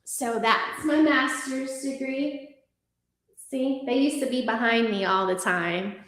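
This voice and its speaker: A woman's voice: on the high side, slow, fairly bright tone. A young adult woman hosting a casual livestream, chatting with viewers in a sassy, profane way with lots of fillers. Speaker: livestream news commentator.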